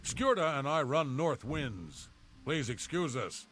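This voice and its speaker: A man's voice: on the high side, big pitch swings, slow, a bit bright, slight background noise, heavily acted. An actor voicing a plain-spoken male townsman in a fantasy video game, making matter-of-fact, gossipy small talk.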